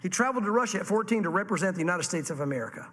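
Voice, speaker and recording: A man preaching a sermon to a congregation, animated and acting out the voices he quotes. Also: high voice, rapid-fire, in a large hall. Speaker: pastor.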